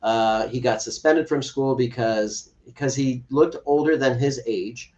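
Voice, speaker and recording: Speaking unhurriedly in a medium-pitched, slightly mellow voice, an adoptive father appears as a guest on a podcast. He relates an earnest story from his own life and voices the dialogue he quotes. The audio comes across as distant and somewhat dull.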